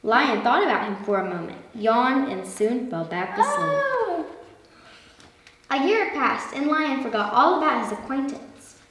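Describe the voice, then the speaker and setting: A woman hosting a children's story read-aloud with an expressive, animated delivery, recorded from a distance in an echoey room. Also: high-pitched, a little slow, slight background noise. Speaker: storybook reader, host.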